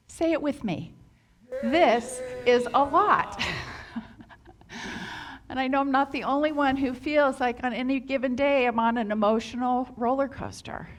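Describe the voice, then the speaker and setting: A woman minister delivers an earnest sermon in a fairly high voice. She speaks steadily to her congregation and now and then slips into acted-out voices of self-criticism. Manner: earnest, acts out quoted inner voices.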